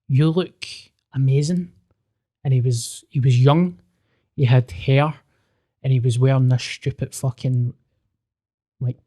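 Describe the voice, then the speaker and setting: A man telling a personal story on a podcast, casual and sweary, acting out the dialogue. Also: medium pitch. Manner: sweary, animated, acts out quoted dialogue.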